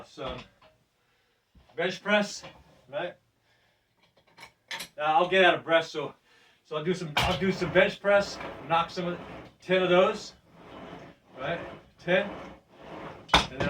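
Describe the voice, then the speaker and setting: A somewhat high-pitched man in his sixties chats loosely as he works through a gym routine, breathing deeply between his words. He is picked up from across the room by a distant camera, with a faint hum of noise behind him. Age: 60s. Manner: chatty and loose, with repeated "right?" checks and soft laughs. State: breathing deeply during the workout. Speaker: fitness vlogger. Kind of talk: casual demonstration while exercising. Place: gym room among exercise machines.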